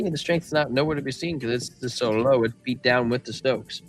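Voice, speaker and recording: A crypto livestream host walks through price charts and reads viewers' chat in a casual, slangy style. His voice is mid-range at a moderate pace, with soft music playing behind.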